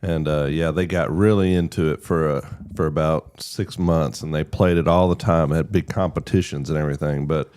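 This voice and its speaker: Calm low-voiced pastor, guest on radio. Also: male voice, clear, resonant tone. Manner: calm, measured, easygoing. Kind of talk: casual radio chat.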